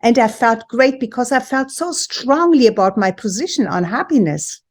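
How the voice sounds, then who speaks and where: A woman in her sixties from Europe, hosting a personal talk for viewers in a deliberate, emphatic storytelling manner. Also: fairly high pitch, lively intonation. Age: 60s. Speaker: host and women's empowerment coach.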